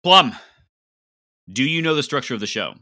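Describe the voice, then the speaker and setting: A young man hosting a casual sports podcast, upbeat and quick with announcer-like delivery. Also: medium pitch, animated, sharp tone, no room sound, studio quality. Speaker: podcast host.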